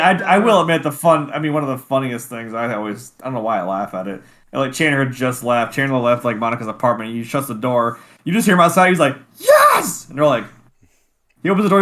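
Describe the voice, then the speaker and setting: A man co-hosting a podcast, telling animated stories in casual chat. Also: medium pitch. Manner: animated storytelling. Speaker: podcast co-host.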